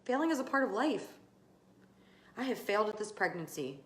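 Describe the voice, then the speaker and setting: A woman's voice: mid-range voice, sing-song, brisk. Fired-up woman coach in an echoey room. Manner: emphatic and fired up, casual cursing. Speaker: podcast host and business coach. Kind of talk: motivational talk to listeners.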